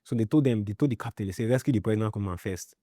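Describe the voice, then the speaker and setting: A Nigerian man telling his own story in a halting way, often repeating himself and checking "you understand?". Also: lowish voice, mellow, dry recording, studio quality. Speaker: interviewee. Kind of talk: personal storytelling.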